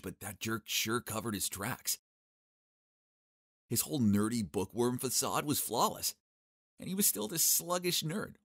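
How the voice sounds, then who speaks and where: A young man narrating a first-person animated story in a cocky, sarcastic, expressive way. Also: low-pitched, dry recording, clean studio sound.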